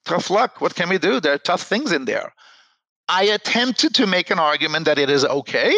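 A man's voice: high-pitched, very animated, moderate pace, pushed and bright, no echo, low-quality recording. A man speaking as a rabbi in an earnest panel discussion, often repeating words as he starts a sentence. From United States.

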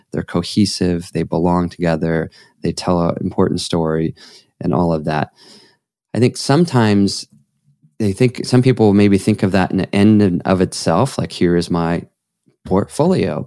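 A man guest on a podcast, talking in a rambling, enthusiastic way and telling stories with animated bursts. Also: low voice, dry recording, clean studio sound. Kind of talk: conversational interview.

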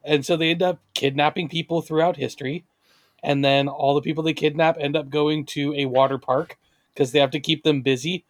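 Man, podcast co-host, higher voice, wry, chuckling, quick remarks, dry close sound. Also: fairly even intonation, no echo. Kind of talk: casual podcast chat.

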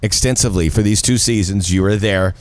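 A man's voice: on the low side, brisk, a little mellow, no room sound. Man co-hosting a casual podcast. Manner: jokey, hypey intro delivery. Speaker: podcast co-host. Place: office building, top floor.

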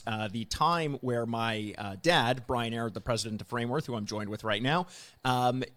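A man's voice: mid-range voice, a bit bright. Chatty male podcast host. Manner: chatty, joking, quick asides. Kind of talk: casual podcast chat.

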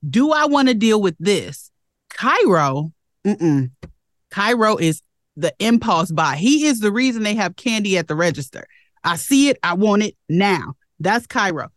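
A woman in her forties hosting a casual interview, talking quickly and expressively about parenting. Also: mid-range voice, no room sound, studio quality. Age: 40s. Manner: expressive, quick, acts out family quotes. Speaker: interview host.

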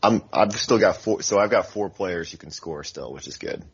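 Deep male co-host, relaxed wry delivery, dull lo-fi recording. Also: moderate pace, slightly rough. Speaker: podcast co-host. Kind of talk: casual football podcast chat. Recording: dull lo-fi sound.

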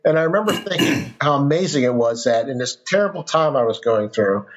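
A man's voice: mid-range voice, expressive, a little fast. A middle-aged man, a podcast guest, telling a personal story in casual conversation, earnest and rambling with restarts. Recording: dull lo-fi sound.

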